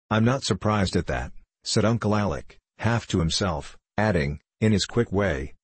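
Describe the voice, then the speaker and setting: A man reading a novel aloud as an audiobook narrator, in a calm, measured way. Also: deep voice, husky, dry recording. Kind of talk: scripted narration.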